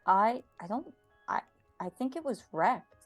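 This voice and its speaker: A woman's voice: a little high, expressive, unhurried, breathy edge, faint music behind. A woman player in a tabletop game, wry and hesitant. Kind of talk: tabletop game role-play.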